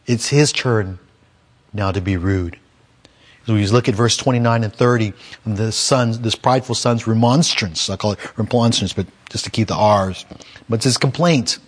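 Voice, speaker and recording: A man preaching a sermon, reading a scripture passage and then explaining it verse by verse, sometimes raising his voice to act out the characters. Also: lowish voice. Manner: acts out the complaining son in a raised voice.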